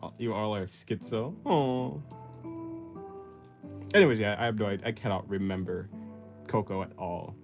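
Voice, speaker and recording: Sketching live for his viewers, this art streamer reads chat aloud in a lowish voice. His rambling is self-deprecating and keeps dissolving into laughs.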